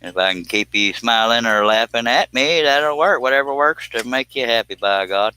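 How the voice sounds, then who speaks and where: A man's voice: medium pitch, fairly even intonation, normal speed, bright, forceful tone, clean tone, no echo. A man hosting a woodworking live stream, chatting casually and joking as he reads viewer comments. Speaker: woodworking livestream host.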